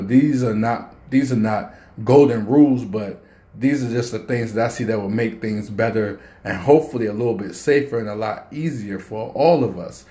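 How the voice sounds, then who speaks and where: A man's voice: on the low side, mellow, echoey room. A man, telling a personal story and speaking to parents in a casual, earnest vlog. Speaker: vlogger.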